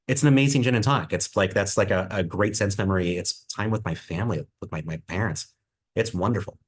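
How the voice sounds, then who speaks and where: A man's voice: low voice, fairly bright tone. A man who is a head distiller, presenting a virtual tasting over a video call with enthusiasm and reflection, full of fillers and restarts.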